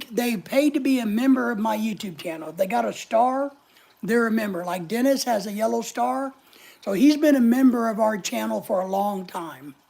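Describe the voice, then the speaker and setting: Gravelly-voiced man hosting a live chat. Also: sits high. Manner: jokey, chatty, greets viewers by name. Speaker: live-stream host. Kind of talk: casual live-stream chat reading viewer comments.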